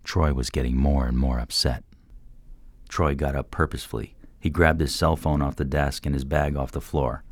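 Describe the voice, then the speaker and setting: A man narrating an audiobook in an even, unhurried storytelling manner. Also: rumbling low, no room sound, clean studio sound.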